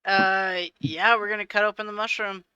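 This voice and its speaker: A woman playing a tabletop game, speaking in a measured, slightly formal way. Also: mid-range voice, flat delivery, sharp tone, clean tone, no echo, muffled recording.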